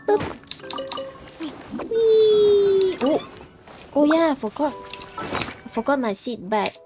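A woman's voice: high-pitched, sing-song, slow pace, over loud music. A young woman streaming a game, chatting casually in a playful, giggly way with squeals and silly sound effects.

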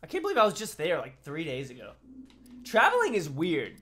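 A man's voice: on the high side, brisk. A tired man giving joking, trash-talking live commentary over his own gameplay, yelping at big plays. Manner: excitable, yelps and laughs at big plays. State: tired from travel. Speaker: gaming commentator. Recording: music playing behind.

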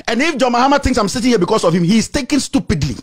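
A man with a Ghanaian accent delivering an angry, insulting rant to the camera, repeating himself and shouting. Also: very high voice, expressive, rapid-fire. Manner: shouting, insulting, repetitive tirade. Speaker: political commentator.

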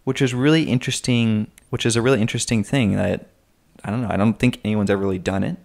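A young man from North Carolina in easy podcast chat, his voice low-pitched with a gravelly fry. He tells a story loosely, tossing in quick asides. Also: fairly even intonation, a little mellow. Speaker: podcast co-host. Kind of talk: casual conversational podcast chat.

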